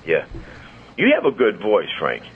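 A man in his sixties from St. Louis hosting a casual radio talk show, telling chatty stories full of quick asides. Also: low-pitched, huge pitch swings, slightly rough. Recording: muffled studio audio with faint hiss.

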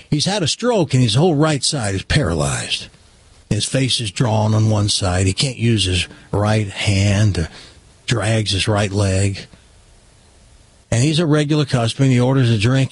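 A man hosting a radio show, telling a long joke in an animated storytelling way. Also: lowish voice, slightly rough, dry recording. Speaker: radio host.

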